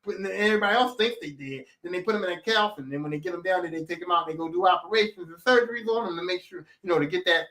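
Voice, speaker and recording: A man's voice: sits high, very fast, hardly any pauses, pushed and bright. A man hosting a podcast, recapping a show in casual chat, acting out characters' lines with heavy swearing. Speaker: podcast host.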